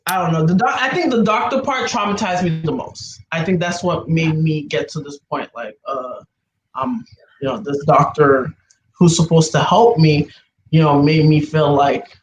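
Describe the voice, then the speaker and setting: Woman, guest, emotional, repetitive, halting storytelling, roomy echo. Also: sits low, dull audio, a little hiss or hum. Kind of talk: casual personal storytelling.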